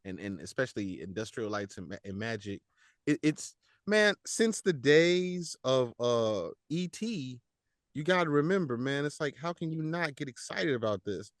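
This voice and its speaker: A man who works as a voice actor, talking casually in a podcast interview, animated and slangy, laughing often and repeating words as he goes. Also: mid-range voice, normal speed, no echo, clean studio sound. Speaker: voice actor guest.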